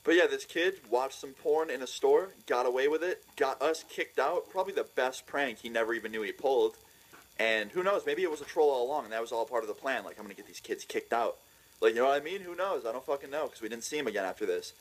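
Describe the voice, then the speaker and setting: A young man rattles through a storytime vlog at a rapid clip, his pitch sitting in an ordinary middle range. He is excitable and swears freely, and he breaks into laughter mid-sentence. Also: low-quality recording. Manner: excitable, profane, laughs while telling. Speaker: vlogger.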